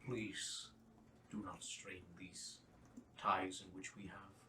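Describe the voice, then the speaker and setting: A man's voice: low voice, little pitch movement, takes it slowly, pushed and bright, full character voice. A man voicing a stern commanding king who questions visitors in a formal, grave way, recorded roomy from a distance. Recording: roomy, distant mic, faint hiss.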